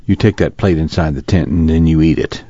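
A man's voice: very deep voice, steady tone, fairly quick, warm tone, no room sound, lo-fi sound. A man voicing a blunt young farm man who gives curt commands in a rural dialect. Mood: firm.

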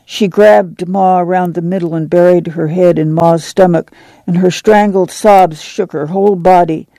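A male audiobook narrator with a gravelly, mellow voice, pitched a little high. He reads in a measured, unhurried way. The recording is close and dry. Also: steady tone, no echo. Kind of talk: scripted narration.

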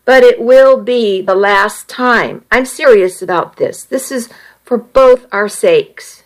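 A woman's voice: on the high side, lively intonation, slow pace, rough recording. A woman voicing an insecure but determined teenage girl who speaks earnestly and sometimes impatiently.

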